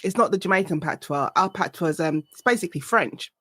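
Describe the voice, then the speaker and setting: A woman with a South East London accent talks casually as a podcast host, telling stories with animated energy. Her voice sits at an ordinary pitch. The room sounds dry and close. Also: fast, breathy edge, no room sound. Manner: animated storytelling with laughter. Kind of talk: casual conversation.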